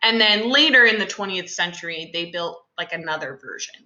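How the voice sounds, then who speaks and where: A woman's voice: fairly low pitch, lively intonation, a little fast, pushed and bright, reverberant, muffled recording. A young adult woman teacher talking through a class lesson in a chatty, casual way with many fillers and asides.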